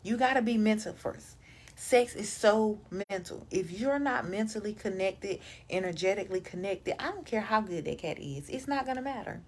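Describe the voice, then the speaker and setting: A woman coaching on relationships in a casual monologue, direct and emphatic, talking in relaxed vernacular grammar. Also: mid-range voice, normal speed, a little hiss or hum. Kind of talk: casual advice monologue to camera.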